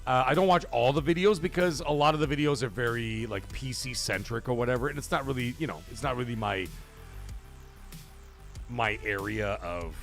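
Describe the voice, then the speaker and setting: With faint music behind him, a man of medium pitch and normal speed hosts a gaming livestream late at night. He keeps things loose and animated, swears freely, and reads aloud from the chat while thanking viewers.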